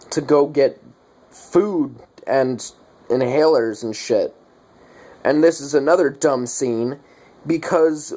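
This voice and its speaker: A man's voice: mid-range voice, a little mellow. A young man giving a casual movie review, ranting in a profane, exasperated way.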